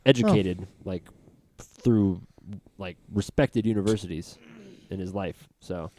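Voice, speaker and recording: A man's voice: low-pitched, a little slow, warm tone, slight background noise. A young man hosting a casual podcast chat, rambling through his stories with lots of filler words. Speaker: podcast host.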